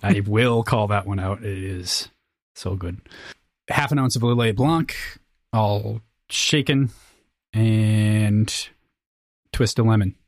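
A man co-hosting a podcast in relaxed casual chat. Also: fairly low pitch, slow, long pauses, no room sound, clean studio sound. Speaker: podcast co-host.

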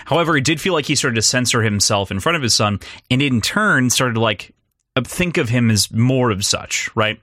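A young man co-hosting a podcast, talking through a film in a rambling, animated way, with restarts and laughs. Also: mid-range voice, moderate pace, dry recording, studio quality. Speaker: podcast co-host. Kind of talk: casual film discussion.

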